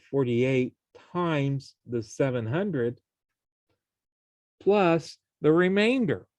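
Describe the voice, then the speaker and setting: A man's voice: medium pitch, a little mellow, no room sound. A man teaching a college algebra class, explaining each step and checking in with his students. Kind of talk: classroom math lecture.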